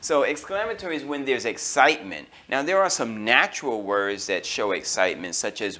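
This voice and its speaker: An American man teaching an English grammar lesson, slowing down on key terms and filling pauses with okay and all right. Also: mid-range voice, lively intonation, bright, forceful tone. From United States. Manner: slows down to stress key terms.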